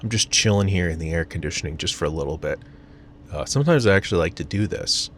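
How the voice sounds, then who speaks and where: American guy, deeper register, self-deprecating rambling vlog from his car, faint hiss behind. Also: fast, fairly bright tone. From United States. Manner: rambling, self-mocking, many fillers and restarts. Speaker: vlogger. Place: parked car, in the sun.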